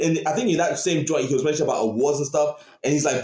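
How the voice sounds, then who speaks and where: A man hosting a reaction video, talking casually and excitedly to his viewers and repeating his points. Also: fairly high pitch, quick pace, hardly any pauses. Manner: animated, repeats phrases, talks to viewers. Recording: roomy echo.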